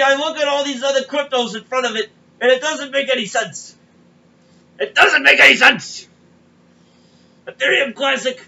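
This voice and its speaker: A man's voice: very high voice, gravelly, pushed and bright, slightly rough, highs cut off. A man hosting a comedic crypto show, rambling and kvetching as he tells stories. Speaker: podcast host. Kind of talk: comedic crypto market monologue.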